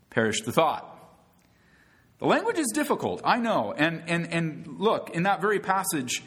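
A male pastor preaching a sermon in a fairly high voice. His pitch swings widely, climbing into emphatic bursts on key words. He speaks to the congregation directly, calling them friends and asking rhetorical questions. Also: big pitch swings, a little slow, fairly bright tone.

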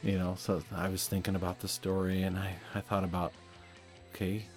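A man's voice: low voice, flat delivery, brisk, a little mellow, faint music behind. A man hosting a podcast, talking in a reflective, conversational way and chuckling at himself now and then. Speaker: podcast host. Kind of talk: casual chat.

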